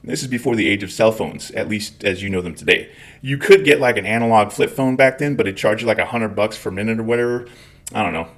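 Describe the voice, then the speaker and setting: A man's voice: lowish voice, fast. Wry, profane Scottish man telling stories. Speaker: host. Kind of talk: storytelling monologue.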